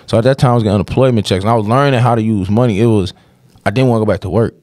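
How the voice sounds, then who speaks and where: Young guy with a low voice, rambling and swearing a lot, dry close sound. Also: racing, a little mellow, no room sound. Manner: heavy slang, profanity, restless run-on sentences. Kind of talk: casual storytelling.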